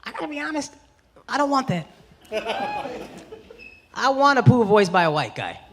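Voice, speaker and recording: A man in his thirties doing a brash, profane stand-up set with crowd work, shouting his punchlines on a club stage. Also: very high voice, big pitch swings, moderate pace, a little hiss or hum. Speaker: stand-up comedian. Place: comedy club stage before a live audience. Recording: live club with loud audience laughter. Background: loud crowd laughter.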